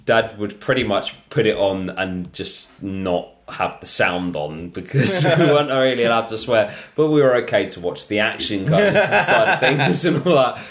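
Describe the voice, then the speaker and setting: Man, young, deep voice, halting casual chat, echoey room. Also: expressive, a bit bright. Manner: hesitant, many fillers and restarts. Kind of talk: casual chat about films.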